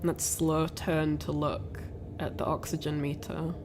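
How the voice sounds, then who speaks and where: A woman's voice: sits low, level tone, unhurried, background noise. A woman giving a casual, rambling film commentary, full of fillers and restarts. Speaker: streamer analysing a film.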